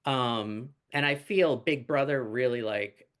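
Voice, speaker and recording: A man from New Jersey hosts a relaxed podcast interview. He talks in a chatty, rambling way and leans on fillers and restarts, and his voice sits in a middle range for a man. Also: mid-range voice, takes it slowly, clear, resonant tone. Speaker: podcast host. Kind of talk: casual interview chat.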